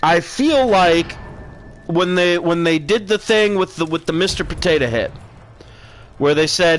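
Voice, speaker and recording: A man's voice: fairly high pitch, lively intonation, measured pace. A man streaming a profane, sarcastic rant that mocks people with put-on voices. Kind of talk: ranting commentary.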